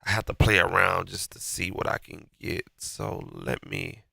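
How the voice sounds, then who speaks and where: Gravelly deep man with a stuffy nose. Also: flat delivery, moderate pace, bright, forceful tone, no room sound, clean studio sound. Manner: loose and slangy, talking to himself while working. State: stuffy-nosed from being sick. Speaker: beat maker walking through a mix. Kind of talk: casual mixing tutorial.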